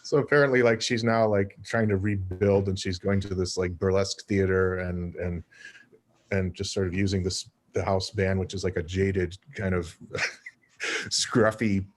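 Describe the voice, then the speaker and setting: A man chatting casually as a guest musician, relaxed and rambling with many fillers. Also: deep voice, normal speed. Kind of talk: casual chat.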